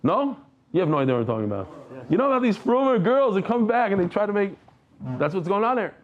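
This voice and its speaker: Animated man teaching a Talmud class. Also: high-pitched, fast talker, lo-fi sound. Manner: animated, conversational, mixes Hebrew and Aramaic terms into English; humorous asides. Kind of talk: daily Talmud class lecture.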